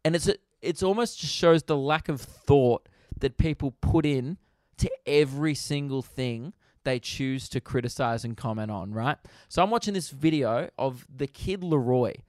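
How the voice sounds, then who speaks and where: A man's voice: mid-range voice, moderate pace, no room sound, studio quality. A young Australian man hosting his own podcast, telling stories casually, swearing a lot and acting out the people in them. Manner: swearing, animated, acts out other people in funny voices. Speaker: podcast host. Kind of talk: casual solo podcast storytelling.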